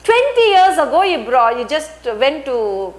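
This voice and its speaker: A woman's voice: high voice, big pitch swings, a little slow. A woman English teacher who reads a textbook story aloud and retells each sentence in simple words, with frequent restarts and fillers.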